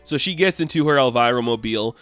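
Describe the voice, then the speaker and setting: A man's voice: medium pitch, animated, quick pace, a bit bright, no room sound, soft background music. Casual man recapping a comic. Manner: casual, laughing, lots of fillers. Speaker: comic book reviewer.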